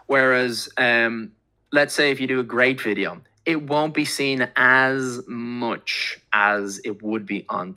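A man's voice: mid-range voice, bright, forceful tone. A man speaking as a podcast guest in casual chat, rambling with lots of fillers and casual swearing.

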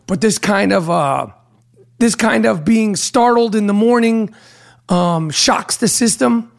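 A hoarse man hosting a podcast, talking in a brash, profane, rambling way full of fillers. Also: high voice, takes it slowly. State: hoarse from a throat problem. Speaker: podcast host. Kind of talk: casual podcast monologue with host-read ad.

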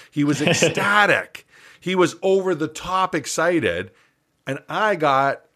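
Appearing as a podcast guest, an older business coach with a medium-pitched voice tells an animated story. He acts out the dialogue, chuckling along the way.

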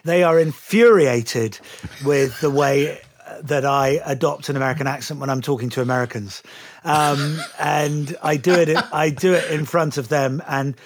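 A middle-aged man with an English accent talks in a slightly raised pitch, telling anecdotes in a lively, chatty way. He drops in the occasional swear word as a guest in a relaxed interview. He sounds as if he is on a video call. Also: a little slow. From England. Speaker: guest actor. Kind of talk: casual interview chat.

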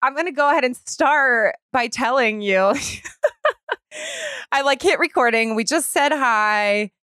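A woman's voice: sits high, very animated, takes it slowly, pushed and bright. A woman in her thirties hosting a podcast, talking animatedly and openly, with swearing and laughter. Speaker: podcast host. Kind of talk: casual chat.

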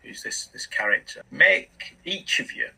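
A man narrating as game master of a tabletop game, halting, with many restarts. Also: medium pitch, sing-song, gravelly, sharp tone, slightly rough, distant mic, poor audio.

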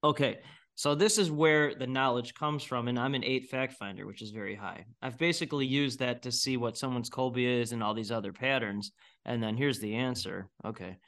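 A man's voice: medium pitch, moderate pace, a bit bright. A middle-aged man speaking bluntly and with strong opinions as an interview guest, often laughing mid-sentence. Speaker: guest entrepreneur. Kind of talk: casual interview talk.

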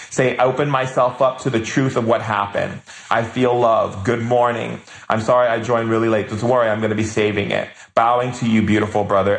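A man leading a live spiritual healing session, reading viewer comments aloud and answering with soft, affectionate, chant-like commands. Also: mid-range voice, echoey room.

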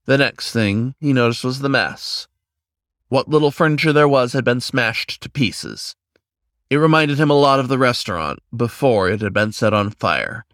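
Low-voiced man narrating a story. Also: dry recording, studio quality. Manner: steady storyteller reading. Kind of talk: scripted narration.

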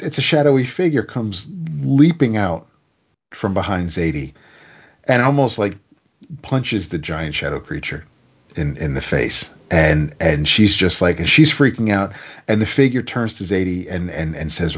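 A man's voice: deep voice, normal speed, slightly rough, muffled recording. A man casually reviewing a comic, recapping the plot in a rambling way with stammered restarts.

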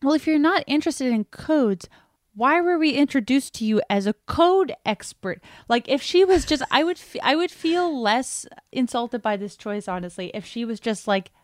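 A woman's voice: high-pitched, lively intonation, moderate pace, dry recording, clean studio sound. A woman co-hosting a podcast, riffing sarcastically in casual chat and slipping into quoted voices. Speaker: podcast co-host.

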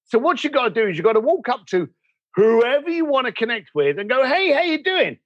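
A man speaking as a podcast guest, animated and storytelling, acting out quoted dialogue as he explains. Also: very high voice, a little fast, no echo, muffled recording. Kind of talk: conversational podcast interview.

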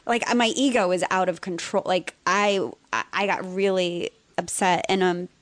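Animated woman telling a story. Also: lowish voice, moderate pace, no room sound. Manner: animated storyteller, acts out quoted voices, rises to near-shouting. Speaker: guest author. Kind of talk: casual storytelling conversation.

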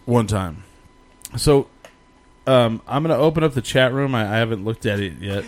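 A man's voice: medium pitch, moderate pace. A man hosting a podcast, telling rambling stories in casual chat and swearing freely. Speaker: podcast host.

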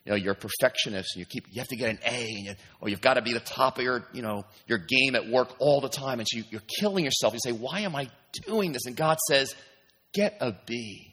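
A man preaching a sermon in an emphatic, animated way, often pausing to ask his listeners if they understand. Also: medium pitch, breathy edge. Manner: emphatic, repeatedly asking "do you understand?". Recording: long hall reverb.

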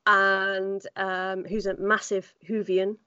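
A woman's voice: medium pitch, flat delivery, takes it slowly, pushed and bright, clear, resonant tone, no room sound, muffled recording. A woman voice actor chatting as a podcast guest, telling stories and acting out quoted voices. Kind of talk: casual podcast chat.

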